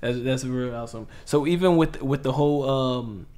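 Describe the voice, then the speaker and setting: A man's voice: medium pitch, normal speed, a little mellow. A male podcast host asking interview questions and answering with frequent amens and short affirmations.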